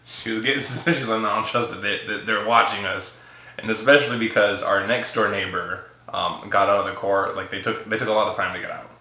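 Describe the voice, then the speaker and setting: A man's voice: fairly low pitch, fairly even intonation, brisk, pushed and bright, roomy sound. A man casually telling a funny story about his wife, laughing often and quoting her lines. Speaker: guest husband telling a story.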